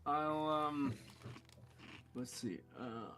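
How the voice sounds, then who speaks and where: A man playing in a tabletop game, thinking aloud quietly and trailing off as he works out a spell. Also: fairly high pitch, drawn-out words. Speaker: player. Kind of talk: casual table talk. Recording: noisy line with background noise.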